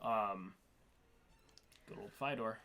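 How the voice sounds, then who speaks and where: A man's voice: on the low side, takes it slowly, pushed and bright. A young man playing a game on a let's play, chatting in a wry, laid-back way and swearing freely. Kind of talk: casual chat over gameplay.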